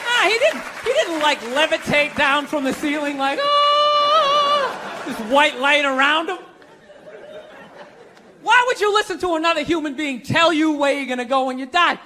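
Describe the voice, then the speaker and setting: Ranting high-pitched comedian on stage. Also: male voice, normal speed, background noise. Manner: loud, ranting, animated delivery with put-on voices. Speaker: stand-up comedian. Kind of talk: stand-up comedy routine. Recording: live stage mic with crowd laughter. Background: audience laughter.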